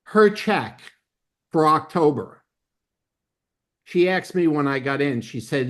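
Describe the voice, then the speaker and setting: A man's voice: mid-range voice, a little slow, pauses often. Guy doing a hyped-up sales training, keeps saying okay, super emphatic. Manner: emphatic, peppers lines with "okay?"; excitable, bursts of laughter. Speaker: network marketing trainer. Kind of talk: motivational training talk.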